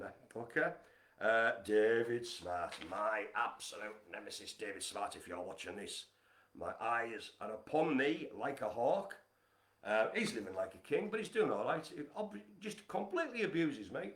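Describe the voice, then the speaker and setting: A man hosting a casual live stream from home, chatty and teasing as he gives shout-outs. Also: medium pitch, reverberant. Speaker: livestream host. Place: home apartment.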